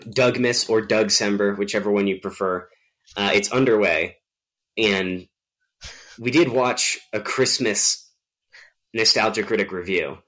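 A man with a fairly low voice, chatting casually on a podcast. He rambles, stacks up fillers and restarts, and tells stories with animation. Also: a little slow, long pauses, a bit bright. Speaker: podcast co-host. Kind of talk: casual chat.

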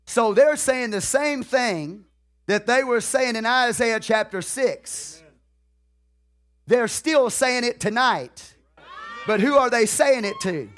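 With a very high-pitched voice and a fairly bright tone, a man preaches, repeating central phrases in a drawn-out, deliberate manner while questioning the congregation.

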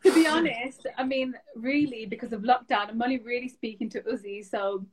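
A woman's voice: fairly high pitch, brisk, breathy edge, rough recording. A young woman with a thick Birmingham accent, a guest chatting in a modest, friendly way and laughing easily. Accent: Birmingham, Brummie. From born in Pakistan, raised in Birmingham. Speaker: podcast guest, dancer. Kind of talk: casual interview chat.

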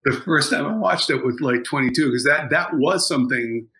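A man chatting casually on a podcast, his voice bright and forceful. He rambles, circling his points with plenty of fillers and restarts. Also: mid-range voice, moderate pace, low-quality recording. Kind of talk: casual chat.

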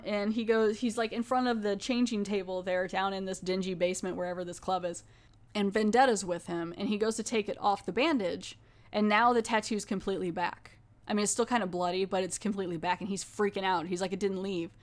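A woman podcast host casually recapping a TV episode, chatty and full of fillers and restarts. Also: medium pitch.

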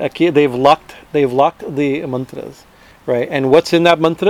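A man's voice: a little high, darkish tone. A man delivers an informal spiritual teaching in a slightly raised voice. He talks loosely and conversationally, often restarting sentences and tagging them with "right?". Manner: conversational, many restarts, frequent "right?" tags.

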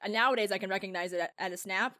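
Fast-talking woman chatting on a podcast. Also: mid-range voice. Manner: animated, swears freely, laughs often. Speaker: podcast co-host. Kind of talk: casual chat.

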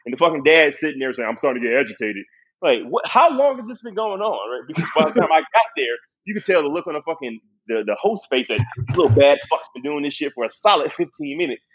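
A young man tells a profane story in loose, laughing podcast chat. His voice is a little husky and swings widely in pitch. The recording sounds dull and lo-fi. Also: fast talker, hardly any pauses. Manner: profane, animated, laughs often.

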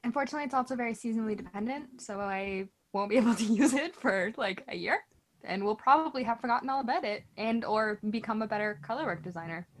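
A woman's voice: a little high, quick pace. A woman co-hosting a casual podcast about knitting, chatty and self-deprecating, often laughing. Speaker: podcast co-host. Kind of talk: casual chat.

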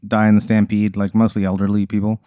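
A man hosting a comedy podcast, telling an improvised scenario in a halting way, with fillers and giggles. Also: fairly low pitch, completely flat delivery, warm tone, no echo. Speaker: comedy podcast host running a hypothetical scenario. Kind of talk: improvised storytelling chat.

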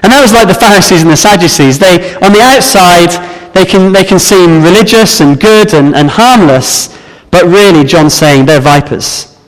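A man preaching a sermon, explaining a Bible passage in an earnest, measured way. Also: sits high. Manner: earnest, measured Bible exposition with some restarts. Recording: reverberant hall.

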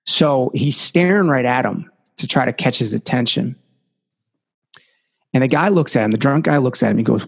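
Guy on a podcast spinning a story, animated, lots of likes, echoey room. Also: medium pitch, brisk, gravelly, husky. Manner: animated, lots of fillers like "like" and "you know". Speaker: podcast guest. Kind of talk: casual storytelling.

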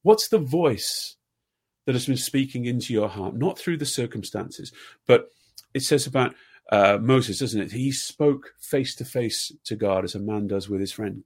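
A man in his fifties preaching a sermon, earnest, asking repeated questions and dropping to soft tones at times. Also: medium pitch, expressive, a little slow, slightly rough. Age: 50s. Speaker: pastor.

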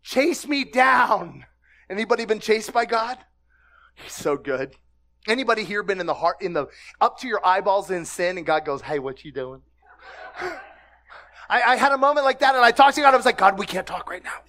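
Animated laughing man preaching. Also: high-pitched, a little fast. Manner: animated, laughing, shouting exclamations, asks the congregation questions. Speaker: pastor. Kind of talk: sermon.

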